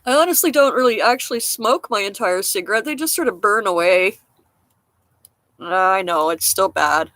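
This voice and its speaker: A woman chatting casually to her live-stream viewers from outside in a damp garden. She rambles, pokes fun at herself and chuckles often, with the odd cough. Her voice sits at an ordinary middle pitch, close and dry. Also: lively intonation, moderate pace, a bit bright, no room sound. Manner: rambling, frank, self-mocking, chuckles often. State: coughing now and then. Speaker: livestream host chatting with viewers.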